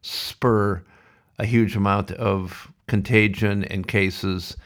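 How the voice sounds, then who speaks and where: A middle-aged man hosts a podcast with a low, gravelly voice full of fry. He rants bluntly and sardonically, working himself up between dry asides. The delivery stays opinionated and conversational throughout. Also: fairly even intonation, slow pace, a bit bright. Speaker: podcast host.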